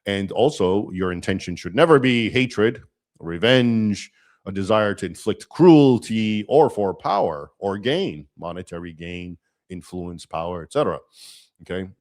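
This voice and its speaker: A man's voice: deep voice, animated, unhurried, darkish tone. A man hosting a livestream, explaining in a lecturing manner and often checking in with "okay?". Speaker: livestream host.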